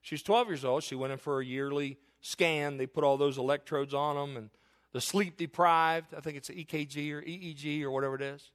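A middle-aged man preaching from the pulpit, telling a story from his own life. His voice sits a little high for a man and he is earnest, swinging between loud emphatic declarations and quiet, hushed passages. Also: steady tone, a little fast. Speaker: pastor. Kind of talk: sermon with personal story.

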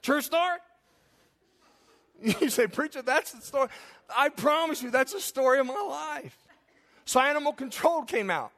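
Laughing, bright-voiced preacher. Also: male voice, extremely high pitch, normal speed, long pauses. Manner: laughs often at his own stories, animated. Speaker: pastor. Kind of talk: humorous sermon storytelling.

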